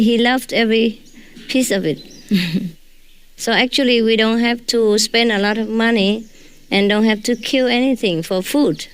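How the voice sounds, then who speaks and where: A woman's voice: medium pitch, clean tone. A woman who is not a native English speaker gives an informal, joking talk to her followers as a spiritual teacher. She often tags her sentences with a questioning "huh?".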